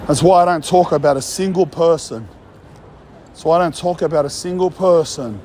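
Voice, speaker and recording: Heated Australian man, high-pitched. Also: normal speed, dark tone, a little hiss or hum. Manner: blunt, heated, mocking, swears often. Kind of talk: casual rant.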